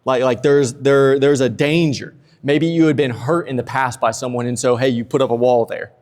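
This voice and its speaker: A man's voice: medium pitch, steady tone, normal speed, a little mellow. A man preaching a sermon, casual and humorous, acting out quotes with energy. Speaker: pastor. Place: church sanctuary. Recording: long church reverb.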